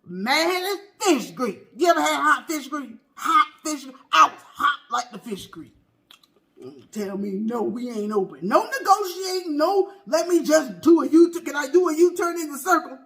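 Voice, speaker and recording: A performer plays a loud, gossipy middle-aged auntie in a comedy mukbang skit, her voice high, bright, and sassy, swooping all over as she dishes gossip between bites. Animated and exclamatory, she stretches out words like "baby," "child," and "honey" while telling the story.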